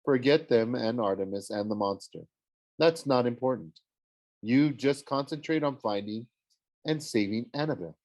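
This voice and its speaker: A man's voice: medium pitch, expressive, moderate pace, darkish tone, natural voice. A man doing Aphrodite, a gushing love goddess. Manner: gushing, theatrical, sing-song. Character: swooning, dramatic goddess of love, woman. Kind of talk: audiobook character voice.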